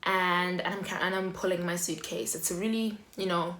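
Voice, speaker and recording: A young South African woman with a South African accent telling a story in a chatty, animated way. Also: fairly low pitch, moderate pace, few pauses. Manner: animated, chatty, heavy on fillers. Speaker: vlogger. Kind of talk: casual storytime. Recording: echoey room.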